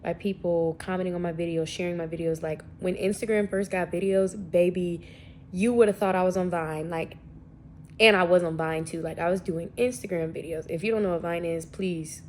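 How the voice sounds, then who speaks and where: A woman's voice: on the low side, darkish tone, a little hiss or hum. A young woman vlogging in a casual, rambling and slangy way, a little sniffly from allergies. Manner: chatty, rambling, slangy and self-deprecating. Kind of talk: casual vlog chat.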